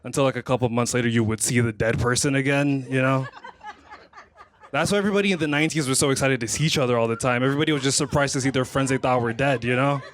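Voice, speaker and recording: A man's voice: mid-range voice, fast. A man from Kenya tells stories in a stand-up set on a comedy club stage, acting out the scenes as he goes. His voice sits in an ordinary middle range for a man. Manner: storytelling, acts out scenes.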